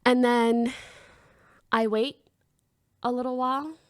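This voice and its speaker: A woman's voice: on the high side, slow pace, no echo, clean studio sound. A young woman streamer casually telling her chat a story, swearing freely and acting out what people said. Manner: animated, swears freely, acts out quoted lines.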